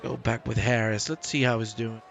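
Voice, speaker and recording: A man's voice: mid-range voice, a little fast, creaky. A man giving live, joking commentary on a sim race and talking to his viewers. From Manchester. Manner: excitable, joking, chats with co-host and chat. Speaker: sim racing league commentator. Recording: background race car engine noise.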